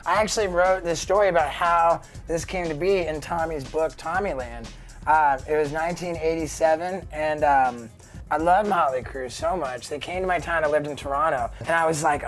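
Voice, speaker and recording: A man in his thirties telling stories in a casual interview, rambling and filling every pause with "like" and "you know.". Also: fairly high pitch, soft background music. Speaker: guest.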